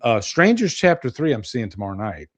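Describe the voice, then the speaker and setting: A man talking on a casual podcast with an ordinary mid-pitched voice. He chats in an easygoing, upbeat way and laughs often between remarks. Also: very animated, fairly quick. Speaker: podcast co-host. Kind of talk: casual chat.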